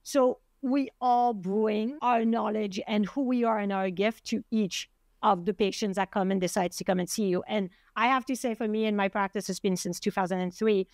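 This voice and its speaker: A woman's voice: mid-range voice, darkish tone, no echo. A middle-aged woman with a French accent, hosting a casual podcast chat and animatedly acting out the voices she quotes. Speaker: podcast host, acupuncturist.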